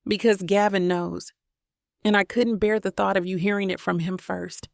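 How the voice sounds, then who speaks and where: A troubled wealthy man confesses in a low, measured voice, read by a woman narrator. A gravelly fry runs under the words. The sound is dry and close. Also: steady tone, no echo, close to an everyday voice. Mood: earnest.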